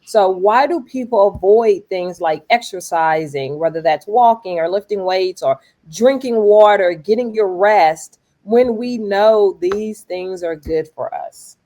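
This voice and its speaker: A woman hosting a podcast interview, eager and affirming, who asks open questions and answers her guest with quick yeses. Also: mid-range voice, dark tone. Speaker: podcast host. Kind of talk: casual interview conversation.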